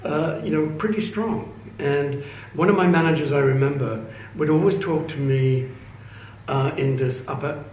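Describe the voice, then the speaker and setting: A middle-aged man with an English accent tells stories in a measured, wry and reserved way. His voice rings around an echoey room, caught from some distance, with a faint hum underneath. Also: fairly high pitch, darkish tone. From England. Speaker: speaker. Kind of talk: anecdotal opening speech.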